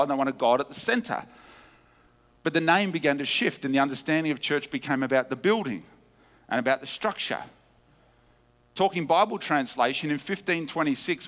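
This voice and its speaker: A man preaching a teaching sermon, emphatic, with wide swings of pitch and loudness. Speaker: pastor. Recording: long hall reverb.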